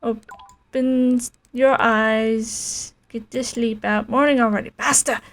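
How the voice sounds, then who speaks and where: A woman's voice: fairly high pitch, fairly even intonation, takes it slowly. A woman voicing a sly, teasing old female demon servant in a game.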